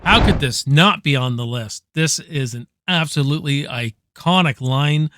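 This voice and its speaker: A man casually ranking favorite movies, rambling excitedly, swearing freely and tossing in "man" at every turn. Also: a little high, unhurried, noisy background. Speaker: movie reviewer. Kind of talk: casual enthusiastic movie countdown.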